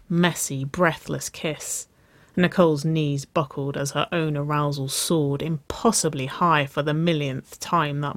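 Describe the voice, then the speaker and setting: A narrator reading romance fiction aloud, with a slow, lingering, expressive delivery. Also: mid-range voice, no room sound.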